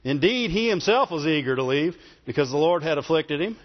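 Man preaching a sermon, high voice, animated, long hall reverb, dull lo-fi sound. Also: fairly quick. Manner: animated, asks the congregation questions.

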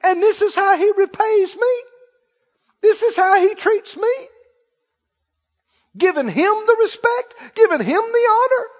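Man putting on a fuming elder son, whiny indignant complaining, high and lively, dull lo-fi sound. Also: unhurried, pauses often, in a large hall. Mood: aggrieved.

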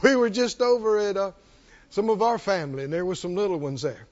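A man preaching a sermon as pastor, animated and repetitive, calling on the congregation to answer back. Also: high-pitched, brisk. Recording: dull lo-fi recording.

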